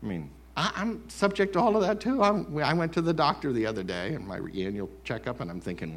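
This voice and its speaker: A male pastor preaching a sermon in church, animated and mimicking grumblers. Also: fairly high pitch, brisk, hardly any pauses, a little hiss or hum. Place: church sanctuary.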